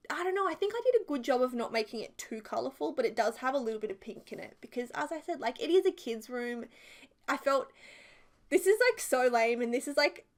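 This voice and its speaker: A woman, chatting casually and rambling through a voiceover for her building video, full of filler words. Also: sits high. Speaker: video creator.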